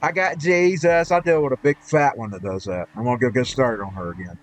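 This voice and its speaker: A man's voice: fairly low pitch, animated, fast talker. A man ranting indignantly while streaming a game, rambling and restarting his sentences. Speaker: live streamer.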